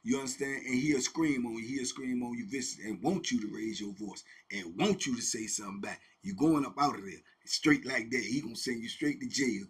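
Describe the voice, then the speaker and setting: A man hosting and telling a story in a casual, animated, slang-heavy way, repeating phrases for effect. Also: medium pitch, a little fast, few pauses, breathy edge. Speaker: host and storyteller.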